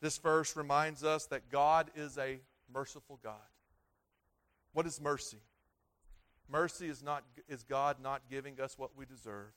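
A man's voice: medium pitch, steady tone, a little slow, a bit bright. A man in his thirties, a pastor preaching a sermon with earnest, repetitive emphasis that swells and falls. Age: 30s.

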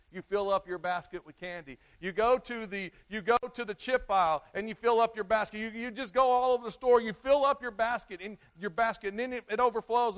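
A man preaching a sermon, repeating himself and restarting phrases, swinging between loud stresses and quiet, low endings. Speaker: pastor.

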